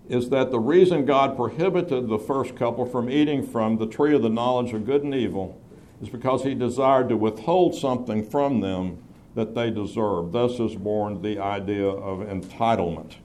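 A man teaching a Bible class, explaining scripture in a measured way and stressing key phrases. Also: mid-range voice, darkish tone.

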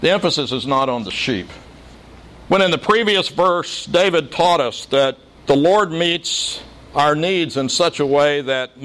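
A man's voice: a little high, a bit bright. A middle-aged man preaches in a plain, conversational way. He mixes scripture with homely stories and dry humor. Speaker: pastor. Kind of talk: sermon.

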